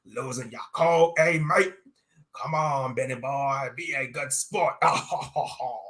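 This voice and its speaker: A man's voice: mid-range voice, measured pace, fairly bright tone, voice pushed up, close to an everyday voice. A man voicing a boastful, murderous male pirate captain who taunts in sea-dog slang and chuckles as he talks.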